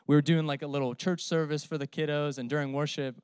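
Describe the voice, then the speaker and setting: Pastor in his thirties, man, humorous conversational preacher, smooth voice, dry close sound. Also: on the high side, steady tone, quick pace, a little mellow, dry recording. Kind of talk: sermon.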